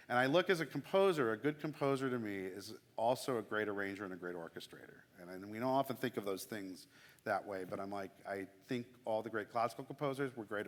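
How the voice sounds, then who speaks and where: A man's voice: on the low side, a bit bright. A man, a church music director, chatting casually and enthusiastically about his craft. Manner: enthusiastic, chatty, self-deprecating asides. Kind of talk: casual explanatory talk. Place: church sanctuary. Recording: long hall reverb.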